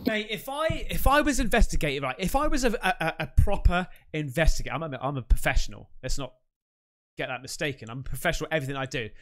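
A man's voice: fairly high pitch, lively intonation, fast talker, fairly bright tone. A man hosting a reaction video, talking in a brash, boastful way and swearing often. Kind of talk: casual reaction commentary.

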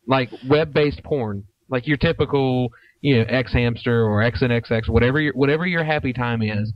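Man, podcast co-host, deadpan and offhand; average pitch, dull low-fidelity sound. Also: normal speed, no room sound. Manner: deadpan, offhand, hesitant restarts. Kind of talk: casual chat. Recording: dull lo-fi audio.

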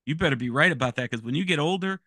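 A man on a casual podcast, calmly explaining and giving his predictions. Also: fairly high pitch, dry recording, clean studio sound. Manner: measured, explanatory, some restarts. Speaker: podcast guest analyst. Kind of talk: casual wrestling chat.

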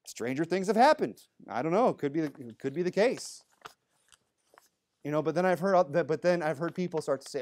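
A man's voice: on the high side, expressive, brisk, a little mellow. Chatty, rambling male preacher. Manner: chatty and rambling, good-humored asides. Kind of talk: conversational sermon. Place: church.

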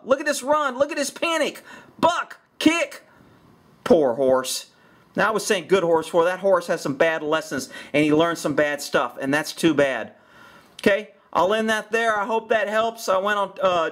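A man's voice: high-pitched, a bit bright. A middle-aged man, a horse trainer, giving blunt, sarcastic commentary on a training video. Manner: blunt, sarcastic, repeats himself.

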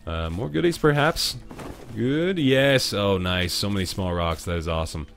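Excitable male gamer, lowish voice. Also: normal speed, gravelly, soft background music. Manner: excitable, jumps from muttering to loud yelps and laughs. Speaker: gaming video host. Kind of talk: let's-play commentary.

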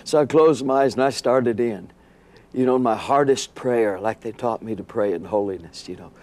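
Animated storytelling man, laughing often. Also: mid-range voice, moderate pace. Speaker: guest. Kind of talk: storytelling in a TV interview.

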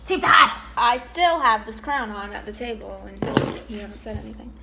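A woman's voice: on the high side, animated, normal speed, sharp tone, poor audio. A young woman comedian filming a casual cooking vlog in her home kitchen, joking, swearing and chanting silly chopping songs.

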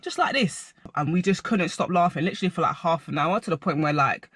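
A young man telling a rambling personal story to camera, animated and full of filler words. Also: fairly high pitch, fairly quick, husky, dry recording. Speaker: vlogger.

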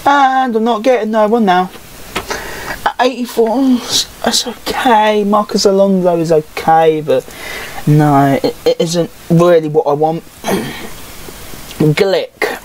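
A woman's voice: mid-range voice, slow, darkish tone, slight background noise, poor audio. A woman giving casual, grumbling, sarcastic game commentary and swearing freely. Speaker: gaming YouTuber.

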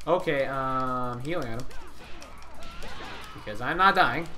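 Excitable young man yelling gameplay commentary. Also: on the high side, normal speed, long pauses, faint music behind. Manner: excitable, yelling taunts at enemies. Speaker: gaming channel host.

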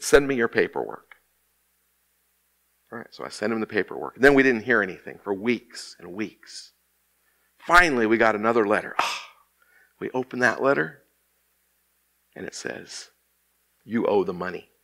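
A middle-aged man, an associate minister, delivering a sermon in a church, slowing down and drawing out key words for emphasis. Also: lowish voice, very animated, gravelly, bright, forceful tone. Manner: preaching with dramatic pauses and slowed emphasis. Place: church sanctuary.

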